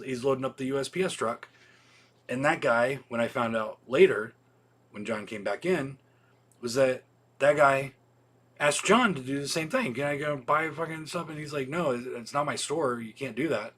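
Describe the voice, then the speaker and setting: A man chats casually on a livestream. He rambles and restarts, swears often, and fills his pauses with ums. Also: mid-range voice, fairly bright tone. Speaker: video store owner hosting a weekly livestream.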